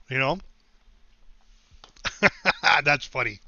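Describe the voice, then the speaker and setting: Bright-voiced middle-aged man, rambling stories. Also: a little high, moderate pace, dry recording, muffled recording. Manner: rambling anecdotes, chuckles, thanks followers. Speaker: game streamer. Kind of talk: casual storytelling while livestreaming.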